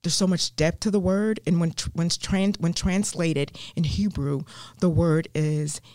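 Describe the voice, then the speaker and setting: A woman with a Southern US accent, a guest teaching the Bible in an interview, earnest and animated with many ums and restarts. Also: fairly low pitch, unhurried, dry recording, clean studio sound. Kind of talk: faith podcast interview.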